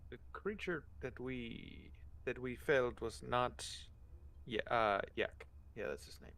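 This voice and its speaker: A man with an ordinary mid-range voice plays his character in a tabletop game. He explains things haltingly, pausing and restarting. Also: medium pitch, creaky, a bit bright. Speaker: player.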